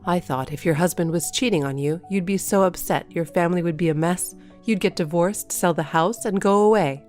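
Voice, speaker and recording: Spiteful jealous neighbor lady, done by a woman reader, resentful, lowish. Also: brisk, darkish tone, soft background music, close to an everyday voice. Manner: bitter, resentful.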